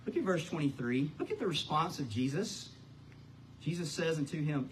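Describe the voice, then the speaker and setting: A man's voice: high voice, lively intonation, moderate pace, a bit bright, slight background noise, poor audio. A man preaching a sermon as pastor, building up to big emphatic lines on key words. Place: church.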